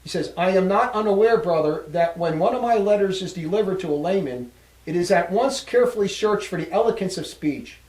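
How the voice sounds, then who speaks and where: Male lecturer, high voice, indignant and scornful, reads quotes then rails against them; echoey room. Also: animated, brisk, darkish tone. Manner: indignant, scornful, reading long quotes aloud. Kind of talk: religious lecture.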